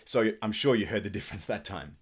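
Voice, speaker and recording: A middle-aged man gives a clarinet lesson in a fairly low voice that rises and falls a great deal as he explains. He talks in a relaxed, thoughtful way, pausing on the odd filler word. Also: husky. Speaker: clarinet teacher. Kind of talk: instructional video talk.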